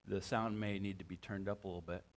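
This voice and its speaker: Low-voiced pastor, halting sermon. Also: male voice, fairly even intonation. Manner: halting, repeats words.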